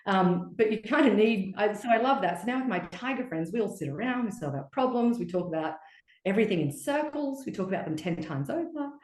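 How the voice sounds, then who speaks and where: A woman guest on a podcast, talking about relationships in an expressive, lively way and often slipping into quoted voices. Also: mid-range voice, brisk. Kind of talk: casual podcast conversation. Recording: echoey room.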